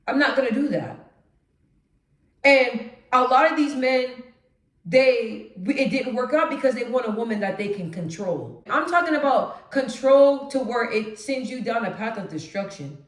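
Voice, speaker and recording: Woman, deep voice lifted a bit higher, emphatic vlog monologue, echoey room. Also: moderate pace. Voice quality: deep voice she raises a notch. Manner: emphatic, animated, conversational. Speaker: vlogger. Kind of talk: direct-to-camera monologue.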